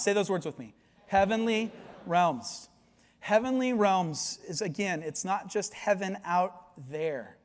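Animated male pastor in a reverberant hall. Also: sits high. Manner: animated storytelling, acting out voices. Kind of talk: sermon.

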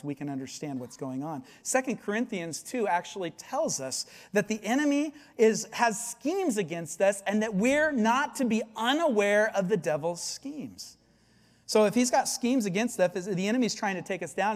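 A man's voice: high voice, in a large hall. A male pastor delivering a sermon, earnest and often asking the congregation questions.

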